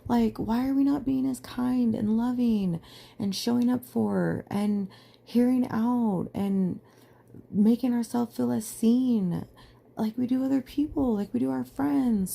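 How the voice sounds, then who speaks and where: A young adult woman hosts a podcast, delivering an earnest, emphatic personal monologue full of "like" fillers. Her voice is a little high, slow, creaky, and dark.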